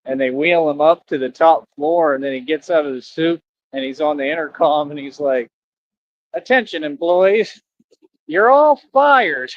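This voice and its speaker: A slightly high, steady voice moves a little fast as this man livestreams near street traffic outdoors. Casual and rambling, he preaches, repeats himself and keeps asking viewers for donations. The stream audio is dull and lo-fi.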